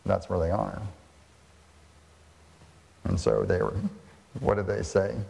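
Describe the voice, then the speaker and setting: A male pastor preaching a sermon in a church hall, lively and full of rhetorical questions. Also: low voice, slow, vocal fry. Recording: long hall reverb.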